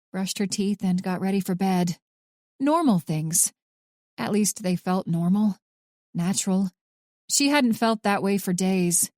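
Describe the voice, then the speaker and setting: A woman reads a thriller audiobook in a measured, even way. Her voice is mellow and dark, with a middle pitch. The recording is dry and close. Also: dry recording. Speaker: audiobook narrator. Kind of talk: scripted audiobook narration.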